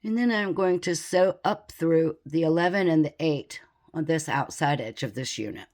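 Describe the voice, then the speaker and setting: Low-voiced woman teaching beadwork. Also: moderate pace. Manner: calm, methodical, counts beads aloud. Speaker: beading instructor. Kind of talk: step-by-step craft tutorial.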